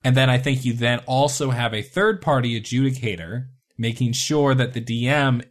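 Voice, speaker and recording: Cohost guy explaining stuff at length, steady, easygoing gaming chat. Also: mid-range voice, normal speed. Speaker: podcast co-host. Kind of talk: casual chat about tabletop gaming.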